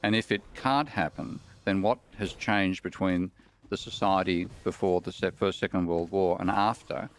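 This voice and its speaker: Australian man, podcast guest, low voice, measured storytelling delivery. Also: steady tone. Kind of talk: conversational explanation.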